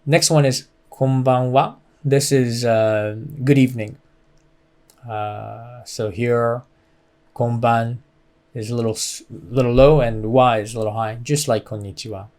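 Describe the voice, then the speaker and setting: Guy teaching a beginners language class, talks real slow, lots of uhs, says phrases so you can repeat. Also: mid-range voice, steady tone, a little mellow. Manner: slow, patient explaining with many fillers, models phrases clearly.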